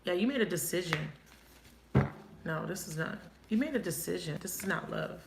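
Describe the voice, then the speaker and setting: Low gravelly woman reading tarot. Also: expressive. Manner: thinking aloud, quick emotive questions. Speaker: tarot reader. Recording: echoey room, faint noise.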